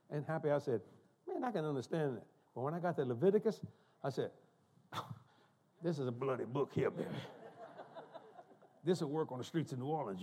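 This is an older man preaching from a church pulpit. His voice is husky and dark, and he tells stories in an animated way, cracking jokes and laughing as he goes. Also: on the high side. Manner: animated, joking, laughing asides. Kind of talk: storytelling sermon. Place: church sanctuary.

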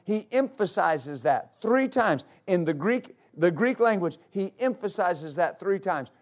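A man's voice: high voice, animated, a little slow. A man preaching a sermon to a congregation as pastor, emphatic, repeating key phrases for weight. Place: church service before a congregation.

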